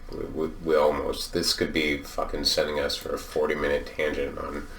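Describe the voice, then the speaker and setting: A man with an extremely deep voice, musing through questions in a dry, offhand way and swearing casually. The sound is roomy, with echo, and he sits back from the mic. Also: completely flat delivery, moderate pace, fairly bright tone, recorded from a distance. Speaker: podcast co-host. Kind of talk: casual chat.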